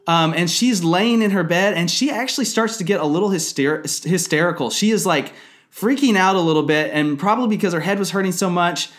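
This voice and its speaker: A man's voice: high voice, a little fast. A man in his thirties giving an earnest, conversational sermon testimony about his family, with frequent fillers. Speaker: ministry leader.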